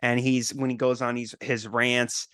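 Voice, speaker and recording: A man's voice: medium pitch, level tone, measured pace, fairly bright tone, clean tone, no echo, studio quality. A man speaking as a podcast guest, blunt and opinionated in casual political talk.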